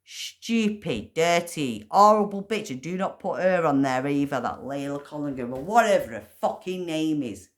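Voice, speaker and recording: A woman delivers a furious rant straight to camera, swearing hard. Her voice sits low, then leaps upward in sudden shouted bursts with very wide swings in pitch. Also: expressive, normal speed, few pauses. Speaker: vlogger.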